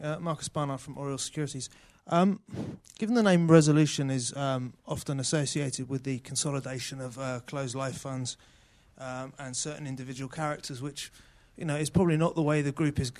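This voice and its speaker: A man's voice: mid-range voice, a little mellow. A man, a financial analyst, asking a question at a results briefing, hesitant with many fillers.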